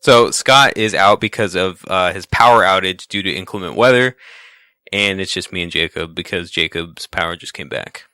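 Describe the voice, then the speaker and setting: Podcast host: man, low-ish, smooth, bright, dry close mic, teasing. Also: normal speed, dry recording. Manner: teasing, easygoing, animated. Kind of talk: casual chat.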